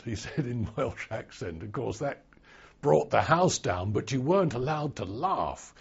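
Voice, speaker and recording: An older man recalling his past in an oral history interview, telling it in a slow, wry storytelling way. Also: mid-range voice, lively intonation, creaky, slightly rough, highs cut off.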